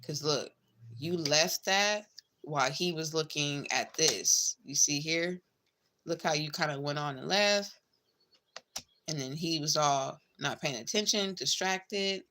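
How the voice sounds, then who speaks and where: A woman's voice: low-pitched, slow, bright, forceful tone, slight background noise. A woman giving a casual tarot reading, chatty and blunt, swearing freely and calling the listener babe and girl. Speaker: tarot reader.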